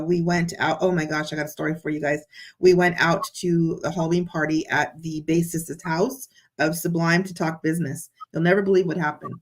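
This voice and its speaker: Animated woman telling a wild story. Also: fairly low pitch. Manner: animated storyteller, excited and breathless. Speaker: guest. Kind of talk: casual chat.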